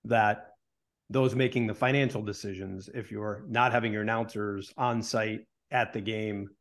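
A man co-hosting a sports talk show, laying out his reasoning in a measured, deliberate way. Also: lowish voice, steady tone. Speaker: sports broadcaster and podcast co-host.

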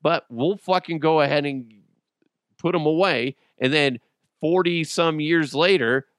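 A man's voice: on the high side, unhurried, fairly bright tone, clear, resonant tone, no room sound, studio quality. A man hosting a solo podcast, rambling casually with lots of swearing and jokes. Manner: profane, joking, rambling. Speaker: podcast host.

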